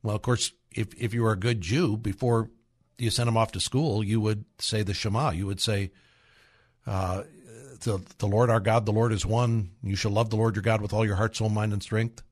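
A middle-aged radio host with a lowish, steady voice speaks at normal speed, earnestly urging parents. He repeats himself and slips into acted-out quotations.

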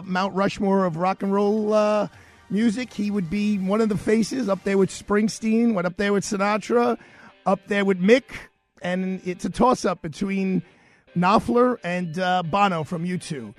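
A man in his fifties with a Brooklyn accent, hosting a talk radio show in an energetic, chatty way full of rambling asides. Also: high voice. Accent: Brooklyn, New York. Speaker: radio host. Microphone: studio broadcast mic.

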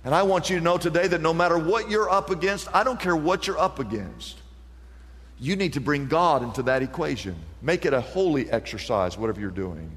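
A man's voice: a little high, expressive, brisk, a bit bright, big-room sound. A male pastor preaching an impassioned sermon, building each point to a repeated refrain.

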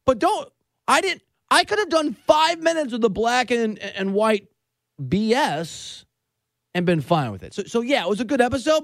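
Animated, sarcastic sports talk host man. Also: extremely high pitch, normal speed, no echo. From Southern California. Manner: animated, sarcastic, self-mocking. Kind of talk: casual sports talk banter.

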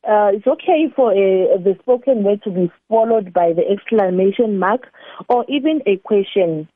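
A woman teaching a grammar lesson, explaining slowly and deliberately and repeating her examples. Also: medium pitch, dry recording. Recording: tinny phone-like line, dry.

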